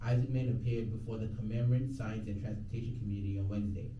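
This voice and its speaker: Speaking fast in a flat, lowish voice, a young campus radio newscaster reads the news in his station booth. Between takes he turns to camera for casual vlog banter, slangy and self-deprecating. The lo-fi recording has a distant mic and a noisy background.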